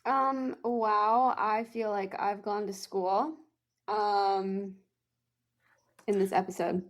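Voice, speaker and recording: A woman's voice: medium pitch, steady tone, takes it slowly. A woman hosting a podcast interview, chatty and full of exclamations. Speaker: podcast host.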